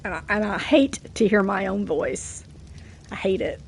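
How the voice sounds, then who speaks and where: A woman with a Southern US accent, chatting casually while streaming a game, getting over a cough, self-deprecating and quick to laugh. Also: mid-range voice, expressive, a little hiss or hum. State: coughing from a cold.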